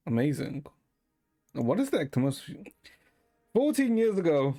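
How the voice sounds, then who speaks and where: A man streaming and chatting casually with a deadpan manner, swearing often. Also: on the high side, slow pace, faint music behind.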